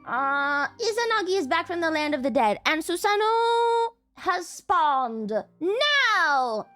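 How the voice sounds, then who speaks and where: A high-pitched woman streamer with a bouncy, swooping voice. She chats casually, swears freely and laughs a lot while teasing her viewers. Faint music plays behind her. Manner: excitable, swears, laughs often, yells at chat. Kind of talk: casual chat with chat.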